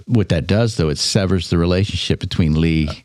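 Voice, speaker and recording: A man with a very low, deep voice talks through history questions in an easygoing, joking way, thinking out loud as he goes. The sound is dry and close, with no room around it. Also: fairly quick, dry recording. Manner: relaxed, joking, thinks aloud. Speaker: licensed battlefield guide. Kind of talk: casual podcast chat.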